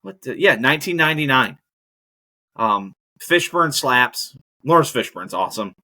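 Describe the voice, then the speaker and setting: A man's voice: medium pitch, expressive, normal speed, bright, forceful tone. A man hosting a podcast, ranting casually and profanely about air travel and movies. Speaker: podcast host. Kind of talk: casual monologue.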